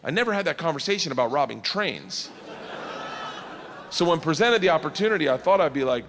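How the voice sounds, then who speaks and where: A man doing stand-up storytelling, loud and raucous, shouting his punchlines. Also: on the high side, animated, brisk, slight background noise. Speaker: comedian. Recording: reverberant stage recording.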